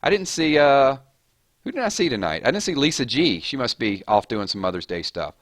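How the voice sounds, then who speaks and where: A man's voice: mid-range voice, very animated, fairly bright tone, dry recording, studio quality. A man hosting a casual live stream, rattling off chat names and thanking viewers. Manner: rapid-fire, chatty, reading names off chat.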